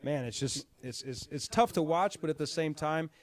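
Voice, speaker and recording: A man's voice: fairly high pitch, moderate pace. A man who promotes fights, hosting a podcast in a rambling, repetitive, conversational way. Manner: rambling, repeats words and "at the end of the day". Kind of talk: casual podcast chat.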